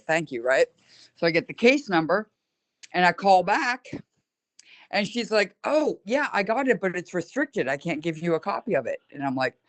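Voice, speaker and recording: A woman on a video call telling a story in a casual way, acting out what other people said and speeding up in rushed bursts. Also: low voice. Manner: animated retelling, acting out quoted dialogue. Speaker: caller recounting her experience.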